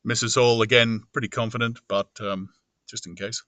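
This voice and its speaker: Audiobook guy talking through his edits, bright voice, super dry close mic. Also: fairly low pitch, normal speed, dry recording. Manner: relaxed, muttering to himself. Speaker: audiobook narrator. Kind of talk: casual talk while editing recordings.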